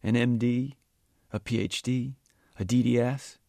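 Jittery paranoid teen boy, gravelly and pushed up higher, as a male reader puts him on. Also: fairly even intonation, a little slow, dry recording, studio quality. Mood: agitated. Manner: tense, insistent, loud outbursts. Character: paranoid sixteen-year-old boy, agitated and blunt.

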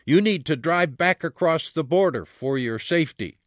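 A man's voice: on the high side, expressive, normal speed, a bit bright, no room sound, clean studio sound. A man voicing urgent, pressing officials. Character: urgent male officials warning of danger.

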